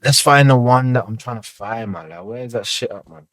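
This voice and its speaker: A man's voice: mid-range voice, fairly quick, a bit bright, no room sound. A man giving casual commentary as a reaction video host, loose and rambling, full of fillers and swearing.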